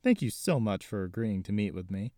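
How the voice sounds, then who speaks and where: A man's voice: lowish voice, animated, brisk, dark tone, no echo, studio quality, natural voice. A man voicing a polite, earnest young man.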